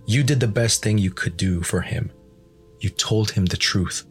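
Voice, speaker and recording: A man voicing a wise male pilgrim who speaks gravely, giving warnings. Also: lowish voice, a little slow, faint music behind, lightly acted.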